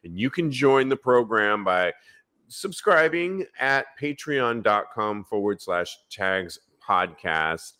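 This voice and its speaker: A man's voice: fairly low pitch, lively intonation, slow pace, pushed and bright. A man from San Francisco hosting a live podcast, upbeat as he reads listener emails and announcements. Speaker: podcast host.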